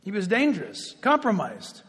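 Husky, high-pitched male pastor, lively sermon storyteller, echoey hall. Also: moderate pace. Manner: animated storytelling, chuckling asides.

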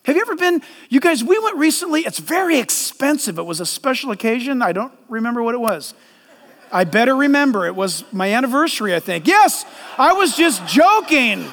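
Pastor, middle-aged man, high voice, animated joking sermon delivery, big reverberant church hall. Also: brisk.

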